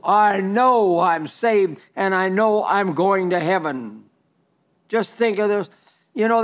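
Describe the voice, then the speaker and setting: An older man preaching an earnest sermon, emphatic and repeating key phrases. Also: high voice.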